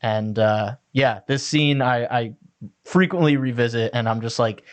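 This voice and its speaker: A man's voice: medium pitch, measured pace. A man co-hosting a podcast, chatting casually and enthusiastically about an anime episode, with many "like" fillers. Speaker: podcast co-host.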